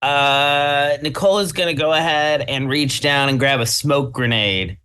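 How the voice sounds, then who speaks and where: A man's voice: on the high side, unhurried, sharp tone, smooth. A man playing a tabletop game, describing his character's moves and thinking aloud. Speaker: player.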